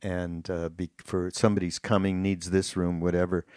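A man hosting a podcast, talking in a relaxed, rambling way with lots of "uh"s. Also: sits low, moderate pace, clear, resonant tone, dry recording, clean studio sound. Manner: relaxed and rambling, with many fillers and restarts. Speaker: podcast host. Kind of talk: casual chat.

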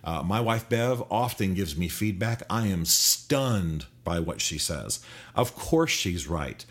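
A man's voice: deep voice, animated, slow pace. A man who coaches public speakers, giving earnest, conversational advice with firm emphasis. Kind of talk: advice talk to camera.

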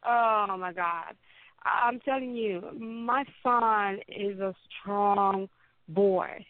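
A woman telling her own story as an interview guest, halting and often repeating words as she speaks. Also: medium pitch, no room sound. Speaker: interview guest, cancer survivor. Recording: tinny phone-like line, dry.

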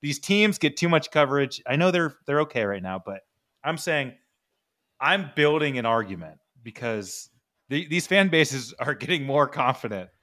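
A man's voice: mid-range voice, lively intonation, normal speed, bright, forceful tone. A man hosting a sports podcast, ranting in mock anger with sarcastic jabs. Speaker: podcast host. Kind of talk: ranting casual chat.

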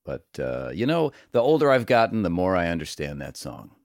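A man's voice: low voice, sing-song, brisk, darkish tone, no echo. Male co-host from Ohio, rambling, laughing, close mic. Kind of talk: casual chat.

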